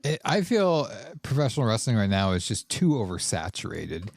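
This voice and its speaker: A man's voice: lowish voice, big pitch swings, a little fast, no room sound, studio quality. A man co-hosting a podcast, teasing and opinionated in casual chat.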